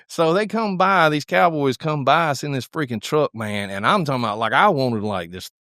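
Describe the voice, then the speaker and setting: A man co-hosting a podcast, telling a hunting story in a casual, animated drawl full of restarts, recorded in a studio. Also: medium pitch, normal speed, dry recording. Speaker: podcast co-host.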